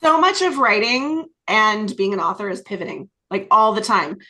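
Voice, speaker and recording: A woman panelist giving earnest, thoughtful remarks in a panel discussion. Her voice has a bright, forceful tone and an ordinary pitch. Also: normal speed.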